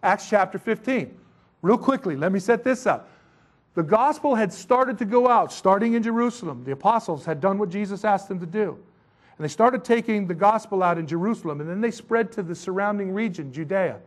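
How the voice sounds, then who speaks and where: A man teaching a Bible chapter in a casual, conversational sermon, with animated, slangy asides. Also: high-pitched, fairly quick.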